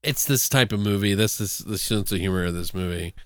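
A man's voice: low-pitched, a little fast, fairly bright tone, dry recording. A man casually recapping a horror movie plot on a podcast, animatedly acting out the characters' lines as he goes. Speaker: podcast co-host. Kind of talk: casual movie review chat.

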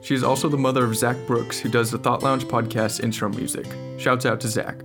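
A man hosting a podcast, reading a brisk, friendly scripted introduction. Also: mid-range voice, flat delivery. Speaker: podcast host. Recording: guitar music underneath. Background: guitar music.

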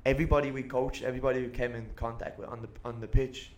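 Rambling football coach co-hosting a podcast. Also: male voice, mid-range voice, flat delivery, fast talker. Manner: rambling, many fillers and restarts, keen. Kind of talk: casual podcast chat.

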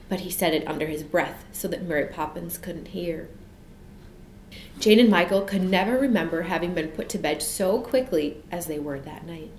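A woman narrating a children's story in an expressive, measured way. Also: fairly low pitch. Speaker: audiobook narrator. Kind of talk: storybook reading. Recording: echoey room with faint hiss.

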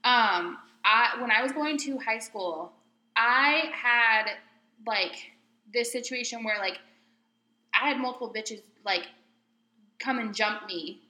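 Bright blunt-talking woman from California. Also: a little high, takes it slowly. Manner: blunt, joking asides with profanity. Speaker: podcast co-host. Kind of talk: casual chat. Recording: echoey room.

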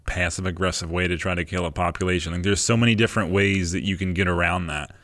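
A very low-voiced man co-hosts a casual podcast. He drops in dry, crude jokes and asides, and tells his own stories in a relaxed, conversational way. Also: fast talker. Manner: dry, joking, profane asides. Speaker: podcast co-host.

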